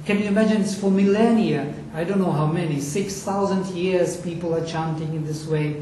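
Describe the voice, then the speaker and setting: This man's voice sits high but carries a dark tone. Lecturing as a Sanskrit teacher, he passionately chants Vedic recitation at a slow pace. The room echoes, the mic is distant, and there's a faint hiss of noise.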